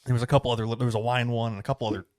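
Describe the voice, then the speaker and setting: A man's voice: mid-range voice, little pitch movement, very fast, a little mellow, no room sound. Easygoing American man hosting a podcast. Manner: rambling, easygoing storytelling with fillers. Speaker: podcast host. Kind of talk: casual chat. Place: small home studio.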